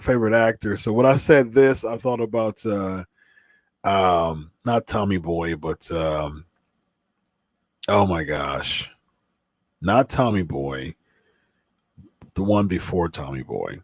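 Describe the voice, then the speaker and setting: A man's voice: low-pitched, takes it slowly, pauses often, no echo. A man hosting a live podcast stream, chatting casually in a rambling way full of fillers and restarts, a little stuffy from a cold. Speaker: podcast host.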